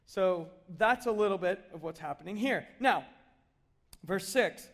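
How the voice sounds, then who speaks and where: A middle-aged pastor with a bright, high-pitched voice delivers a relaxed, story-like sermon, speaking a little slowly. He's animated and keeps slipping into playful acted asides.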